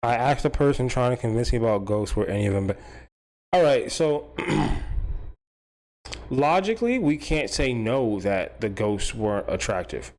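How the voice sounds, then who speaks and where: A man's voice: mid-range voice, very animated, unhurried, a little mellow. A man hosting a stream, rambling through a casual comedic rant, swearing freely and laughing at his own jokes. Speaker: stream host.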